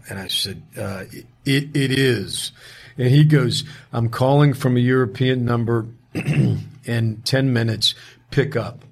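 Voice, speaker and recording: Gravelly husky man telling a story. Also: mid-range voice. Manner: animated anecdote-telling, quoting others, many restarts. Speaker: actor guest. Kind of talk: casual interview storytelling.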